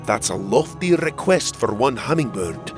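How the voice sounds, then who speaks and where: A man voicing a solemn older male fairy guardian who speaks slowly and gravely. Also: mid-range voice, big pitch swings, music in the background.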